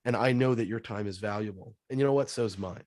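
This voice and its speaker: A man talking in a casual interview, coaching in an energetic, animated way. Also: fairly low pitch, fast, no room sound, clean studio sound. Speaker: sales trainer guest.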